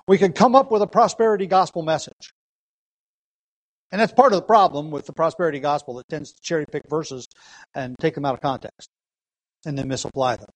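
A man's voice: on the high side, a little mellow, dry recording, poor audio. Earnest preaching man, dry close sound. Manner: earnest teaching with frequent rhetorical questions and emphatic repetition; reads scripture aloud. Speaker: pastor. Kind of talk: sermon.

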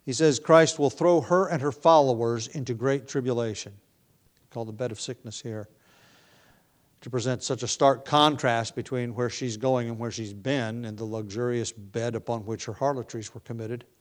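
A man preaching a verse-by-verse sermon, reading scripture with rising emphasis and slipping into relaxed asides with ums and light laughs. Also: mid-range voice, moderate pace. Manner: conversational with filler ums and restarts. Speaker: pastor. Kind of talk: expository sermon.

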